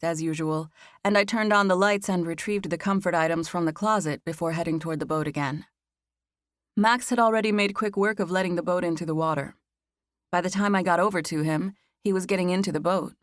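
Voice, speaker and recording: A woman narrating a first-person romance audiobook with an expressive read, close on a studio mic. Her voice sits a bit low for a woman and the recording is dry, with no room sound at all. For the heroine's nervous lines she lifts her pitch high. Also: a little fast, no room sound.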